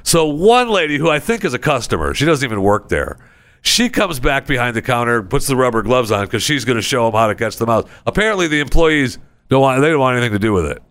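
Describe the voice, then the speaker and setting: Man, podcast host, casual comedic rant, sarcastic, rambling, smooth clear voice, studio mic. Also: sing-song, fast, a bit bright. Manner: rambling, sarcastic, acts out people in high voices. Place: recording studio.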